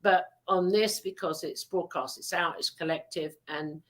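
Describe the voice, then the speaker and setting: A woman's voice: fairly low pitch, moderate pace, a bit bright. A woman hosting a podcast, chatting and telling a story in a rambling, teasing way with many fillers. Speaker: podcast host. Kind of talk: casual chat and storytelling.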